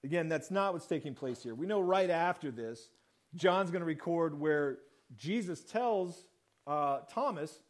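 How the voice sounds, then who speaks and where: A man's voice: on the high side, lively intonation, measured pace. A man preaching a sermon in a conversational way, acting out the quoted lines of the story. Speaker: pastor.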